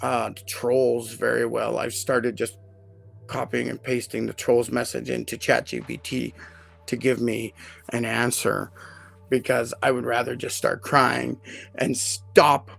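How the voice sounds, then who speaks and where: Very gravelly-voiced man telling stories. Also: mid-range voice, measured pace. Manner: emotional, animated retelling with many fillers. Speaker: podcast host. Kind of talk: casual live podcast storytelling.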